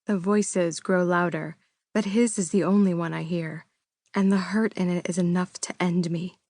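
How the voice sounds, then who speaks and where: A woman's voice: on the low side, steady tone, normal speed, darkish tone, no echo. A woman narrating a first-person romance audiobook with an intimate, emotional reading.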